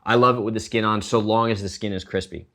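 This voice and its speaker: A man's voice: fairly low pitch, steady tone, fast talker, pushed and bright. A middle-aged man hosting a casual cooking demonstration, chatty and explaining each step with joking tangents. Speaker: chef and cooking show host.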